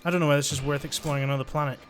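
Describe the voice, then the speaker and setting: A man's voice: on the high side, fairly even intonation, rapid-fire. A man giving chatty, joking commentary while he plays a video game. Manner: chatty, joking, thinks aloud. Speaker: let's-play gamer. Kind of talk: casual gameplay commentary.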